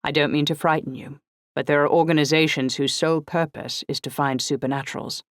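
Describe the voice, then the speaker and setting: A woman voicing a formal, precise older man who speaks in clipped, measured sentences. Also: low-pitched, fairly even intonation, no room sound, lightly acted. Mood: urgent. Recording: dry close audiobook recording.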